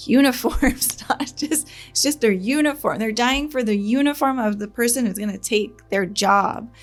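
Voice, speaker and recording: A woman hosting a reaction channel. She talks in a casual, earnest, rambling way, with nervous laughs when she gets upset. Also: mid-range voice.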